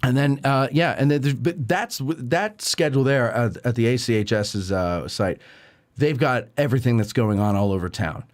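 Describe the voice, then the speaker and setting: A man's voice: mid-range voice, moderate pace. A man hosting a talk show, chatting casually and rambling with many fillers. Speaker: radio show host. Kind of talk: casual chat.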